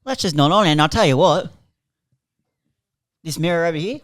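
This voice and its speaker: A man's voice: a little high, a little fast, fairly bright tone, dry recording, studio quality. A young Australian man co-hosting a sports podcast, joking and mock-outraged, swearing freely. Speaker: podcast co-host. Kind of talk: casual banter.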